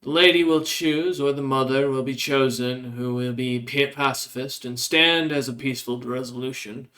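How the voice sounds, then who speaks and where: A man voicing a stern immortal old male church elder who delivers commanding proclamations at a raised pitch. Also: fairly even intonation, moderate pace, sharp tone, lightly acted. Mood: grave.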